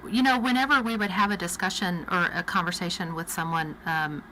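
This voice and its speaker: A woman's voice: lowish voice, steady tone, brisk, bright, forceful tone, slight background noise, poor audio. A woman with a Texas accent, a guest on a radio talk show, telling a travel story in a chatty way. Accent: Texan.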